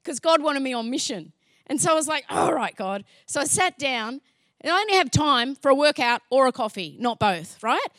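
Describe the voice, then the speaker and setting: A woman sharing a faith testimony as an animated story, acting out dialogue and laughing often. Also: high voice, brisk, dry recording, clean studio sound.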